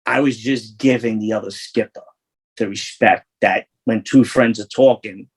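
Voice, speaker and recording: A man's voice: on the low side, fairly even intonation, moderate pace, husky, rough recording. A man, an interview guest telling rambling, profane street stories full of restarts. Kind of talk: casual storytelling.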